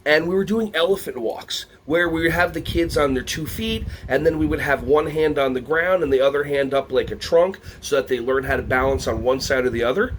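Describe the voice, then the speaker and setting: A man from the United States leading a lively workshop for early childhood educators, playful and energetic. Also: on the high side, brisk, few pauses, slight background noise. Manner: animated, playful, breaks into songs and silly voices.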